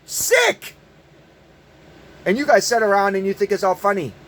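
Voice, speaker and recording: A man's voice: high-pitched, fast, fairly bright tone. A man delivering an angry, profane monologue, emphatic and prone to repeating words in bursts. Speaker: online commentator. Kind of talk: ranting monologue.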